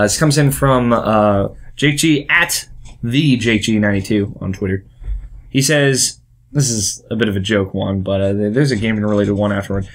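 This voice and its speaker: A young American man hosting a casual talk vlog, rambling and interrupting himself with little laughs. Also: fairly low pitch. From United States. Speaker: vlog host.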